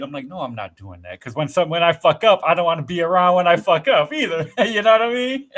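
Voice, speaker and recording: A man's voice: fairly high pitch, lively intonation, quick pace, hardly any pauses, fairly bright tone. A man in casual podcast chat, telling rambling, profanity-laced stories with acted-out quotes. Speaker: podcast host.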